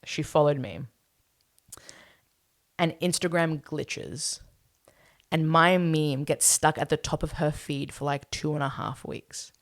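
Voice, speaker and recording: A woman, co-hosting a podcast and telling an animated story in casual chat with frequent laughs. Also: low-pitched, takes it slowly, long pauses. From Australia. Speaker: podcast co-host.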